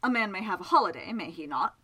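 A laconic, faintly sulky manservant, dry and clipped in every reply, as a woman reads him. His lines still swing across a lively pitch range. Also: fast talker, slightly rough. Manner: dry, terse, a little sulky.

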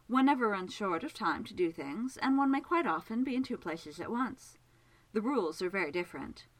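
A woman voicing a graceful female ghost who talks in a gently teasing, amused way. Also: mid-range voice, animated, normal speed, natural voice, poor audio.

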